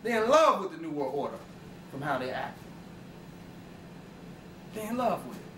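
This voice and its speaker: Far from the mic, a man delivers an informal lecture in a fairly high, bright, forceful voice with big pitch swings at a moderate pace, slightly raised, emphatic, and profane, often tossing out rhetorical questions. The room is roomy and reverberant with a faint hum.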